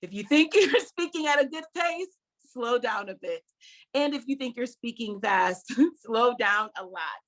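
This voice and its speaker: A woman's voice: high-pitched, lively intonation, unhurried. A middle-aged woman giving an online public speaking workshop, talking conversationally, repeating key points with emphasis and laughing between them. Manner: laughs between points, addresses viewers directly.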